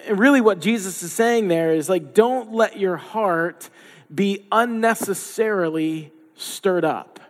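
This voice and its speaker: Preaching at an unhurried pace in a high-pitched voice, this pastor keeps his sermon conversational, imitating the people he quotes and tossing in playful asides. The recording carries a long hall reverb.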